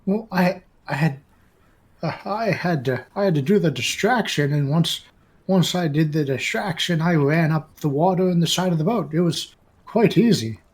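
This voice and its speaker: A man playing a tabletop game, talking haltingly and often clearing his throat. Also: a little high, lively intonation. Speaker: player.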